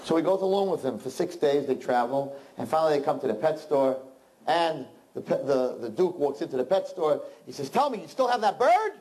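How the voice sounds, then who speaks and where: A man telling a long folk joke to a group, animated, with chatty asides. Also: medium pitch, brisk, poor audio. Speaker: storyteller.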